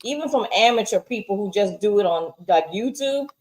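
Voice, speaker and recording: A woman co-hosting a casual chat about a TV show. She is blunt and skeptical, and her pitch swings widely and lively as she talks. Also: brisk. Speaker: co-host.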